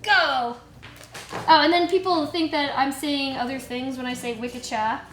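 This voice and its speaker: A woman's voice: sits high, unhurried, a bit bright, a little hiss or hum. A young woman from New Jersey hosting a casual live stream, joking and chatting with her viewers. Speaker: livestream host. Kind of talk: casual live-stream chat while painting. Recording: echoey room with music behind.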